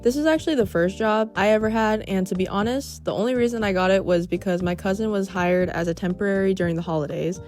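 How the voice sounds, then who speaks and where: A woman's voice: medium pitch, fast, hardly any pauses, a little mellow. A young woman narrating a storytime vlog in a wry, sarcastic way. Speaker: vlogger. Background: faint background music.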